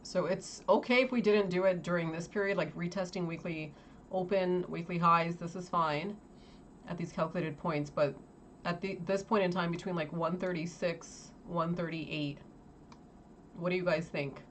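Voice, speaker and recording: A woman's voice: on the low side, steady tone, moderate pace, slight background noise. A woman hosting a casual trading livestream, thinking aloud and asking viewers questions. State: chewing while talking. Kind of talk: casual live chart commentary.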